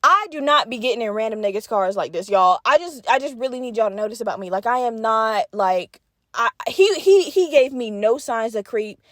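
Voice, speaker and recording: A young woman tells a story on her podcast, her voice sitting a little high. She talks casually and with heavy profanity, jumping into other people's voices as she retells conversations. The sound is dry and close to the mic. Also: brisk, no room sound. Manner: animated, profane, acts out both sides of conversations. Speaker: podcast host.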